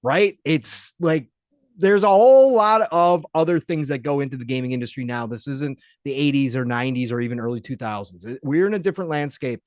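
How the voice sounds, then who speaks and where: A man's voice: mid-range voice, brisk, a little mellow, no room sound, studio quality. A man co-hosting a gaming podcast, giving an opinionated, emphatic take in casual talk. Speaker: podcast co-host.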